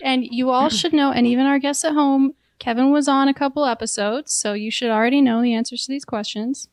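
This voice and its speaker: A woman co-hosts a podcast trivia game with upbeat, laughing banter. Her voice sits a little high and sounds dry and close to the mic. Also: fairly even intonation, brisk, no room sound. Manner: upbeat, laughing, explains rules. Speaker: podcast co-host running the quiz. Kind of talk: casual game-show banter.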